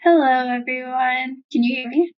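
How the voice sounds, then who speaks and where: A woman's voice: high voice, normal speed, no room sound, lo-fi sound. A woman giving a casual update on a community call, speaking in a morning voice. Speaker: team member on a community call.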